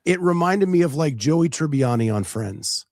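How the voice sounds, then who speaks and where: A man's voice: fairly high pitch, animated, moderate pace, darkish tone, no echo, studio quality. A man hosting a casual talk show, chatting loosely with plenty of fillers and restarts. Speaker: podcast host. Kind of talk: casual chat.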